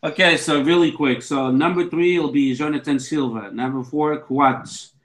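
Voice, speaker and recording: A man's voice: fairly high pitch, fairly even intonation, normal speed, fairly bright tone, low-quality recording. A man co-hosting a football podcast in casual chat, reading out a long list with stumbles and restarts. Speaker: podcast co-host.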